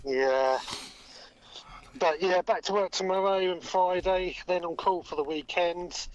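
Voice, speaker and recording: A man's voice: high voice, unhurried, dull audio. A man joining a casual chat, speaking in a dry, matter-of-fact way. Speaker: guest.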